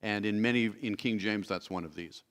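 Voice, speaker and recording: A man's voice: fairly low pitch, fairly quick, a bit bright, smooth. A man teaching a Bible study sermon in a church, explaining patiently, reading verses aloud and correcting himself as he goes. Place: church sanctuary. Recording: long hall reverb.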